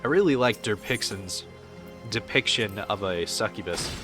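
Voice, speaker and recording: A man's voice: lowish voice, lively intonation, moderate pace, over music. A man chatting casually on a game stream, rambling and swearing as he answers chat.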